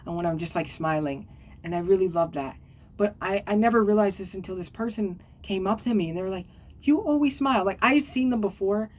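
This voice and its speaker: A woman vlogger talks casually to her camera at a mid pitch. She rambles with plenty of fillers, "um"s and restarts. Now and then she jumps into squeaky, excited highs. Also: fairly quick. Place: at home on a squeaky chair.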